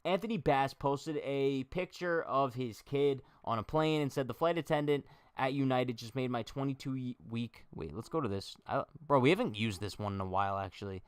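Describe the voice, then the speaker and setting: A man's voice: medium pitch, normal speed, few pauses, clean tone, dry recording, studio quality. A young man hosting a casual baseball livestream, chatting and joking straight to his viewers. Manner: chatty, jokey, talks to chat directly.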